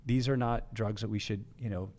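A man with a fairly low voice, a veteran guesting on a podcast. He talks casually and candidly, with plenty of "you know" and "like". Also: fairly even intonation, a little fast, a little mellow. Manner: casual, candid, filler-heavy talk. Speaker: veteran, nonprofit co-founder, guest. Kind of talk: podcast interview conversation.

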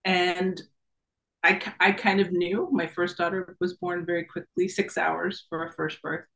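A middle-aged woman, a guest in an interview, telling a personal story in a lively, casual way, laughing often and acting out the voices of the people in her story. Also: on the low side, measured pace, gravelly, poor audio. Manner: animated, laughs often, acts out quoted voices.

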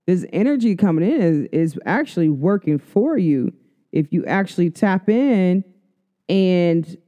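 Warm, smooth-voiced woman chatting. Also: fairly low pitch, very animated, a little slow, highs cut off. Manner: chatty, addresses viewers directly, laughs often. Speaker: astrology and oracle reader. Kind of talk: casual spoken astrology update.

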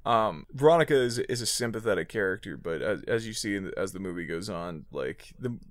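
A man co-hosting a casual movie chat, gravelly, rambling and hesitant with lots of fillers. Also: fairly low pitch, lively intonation, a little fast, no room sound, clean studio sound. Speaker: podcast co-host.

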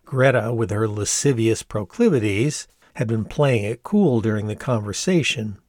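A man in his sixties reading his own memoir aloud in a measured, reflective and candid way, as audiobook narration. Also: fairly low pitch, animated, a little mellow, dry recording, clean studio sound. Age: 60s.

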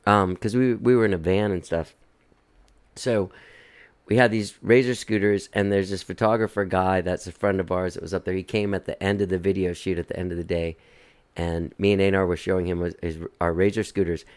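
A man's voice: low-pitched, fairly even intonation, fairly quick. A man hosting a casual chat, telling a long story in a rambling way, laughing and swearing as he goes. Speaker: host.

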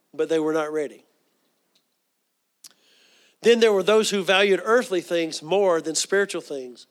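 High-voiced man preaching a sermon. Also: fairly bright tone. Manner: earnest storytelling, with frequent fillers.

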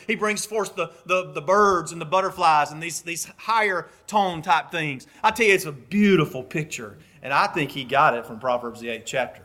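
A man delivers a sermon, his voice pitched a little high. He is animated, swinging between hushed and loud passages. Now and then he briefly acts out other voices. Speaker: preacher.

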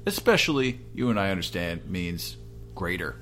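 Sex: man. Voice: low, gravelly, lively. Style: rambling casual podcast chat. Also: moderate pace, soft background music. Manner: rambling, jokey, free with half-working metaphors. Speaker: podcast co-host.

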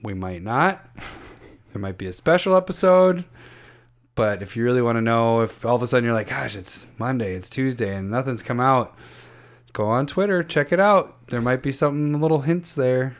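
A man's voice: mid-range voice, expressive, a little fast. Laughing, teasing male podcast co-host. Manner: laughs often, teasing and joking. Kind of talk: casual chat and show sign-off.

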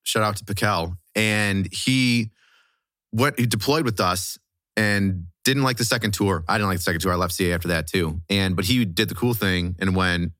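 A man telling a story in casual chat, animated and swearing freely. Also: deep voice, normal speed, no room sound, clean studio sound.

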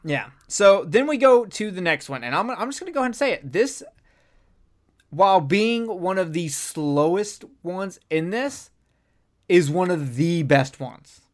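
A podcast co-host in a casual film review chat, talking in an animated, profane and rambling way. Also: medium pitch, measured pace.

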